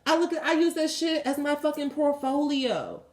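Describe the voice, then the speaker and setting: A woman's voice: high voice, moderate pace, echoey room. A woman tarot reader giving a blunt, emphatic spiritual pep talk and leading affirmations, swearing freely.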